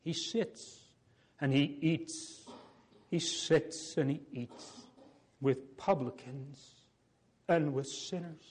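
A man preaching a sermon in a solemn, pleading way, with long pauses and repeated phrases. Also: fairly high pitch, a little mellow, slightly rough.

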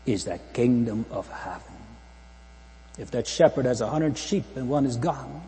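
A man's voice: mid-range voice, dark tone. A man preaching a fervent sermon to a congregation, repeating phrases and asking rhetorical questions. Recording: long hall reverb with mains hum.

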